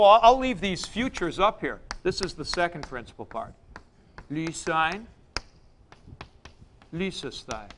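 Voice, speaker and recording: Slow-talking male teacher, smooth clear voice. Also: a little high, fairly bright tone. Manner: thinking aloud, repeats points for emphasis. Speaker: Greek teacher. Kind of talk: classroom lecture. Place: classroom with a board.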